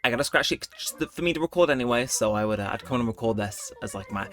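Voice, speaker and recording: Male let's-play host, rambling and laid-back, swinging intonation, soft game music under him. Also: medium pitch, expressive, fast. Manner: rambling, chatty, laid-back late-night talk. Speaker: gameplay video host. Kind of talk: casual let's-play commentary. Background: faint game music.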